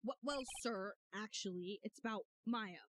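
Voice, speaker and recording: A woman's voice: medium pitch, unhurried, a bit bright, slight background noise, natural voice. A woman voicing a nervous young male defense attorney who stammers and hesitates.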